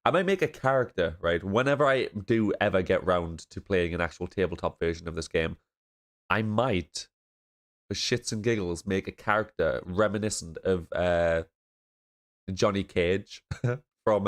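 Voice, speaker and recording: A man's voice: low voice, a little slow. A man from northeast England with a blocked nose, chatting casually and laughing as he reacts to a show. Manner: chatty, laughing, swearing freely.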